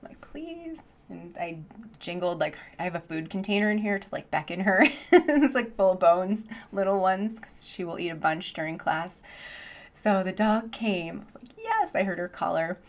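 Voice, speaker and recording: A woman teaching English online, chatting casually in a vlog with lots of "like" and easy laughter, speaking into a boom headset mic from her home office. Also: normal speed. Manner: chatty, says "like" often, laughs easily.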